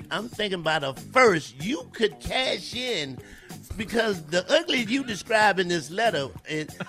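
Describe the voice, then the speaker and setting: A man's voice: sits high, bright, forceful tone. A man hosting a radio show, giving mock advice in joking banter.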